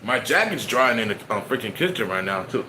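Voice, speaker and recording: A man's voice: fairly low pitch, very animated, a little fast, bright, forceful tone, slight background noise. A man, streaming and chatting casually to his viewers, rambling and joking as he eats. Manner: rambling, joking, talks while eating.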